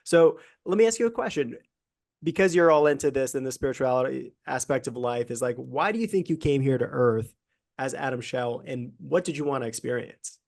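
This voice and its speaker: A man's voice: mid-range voice, brisk, gravelly, a little mellow. A man hosting a podcast interview, talking casually and eagerly with many filler words. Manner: enthusiastic, many "you know" fillers. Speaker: podcast host.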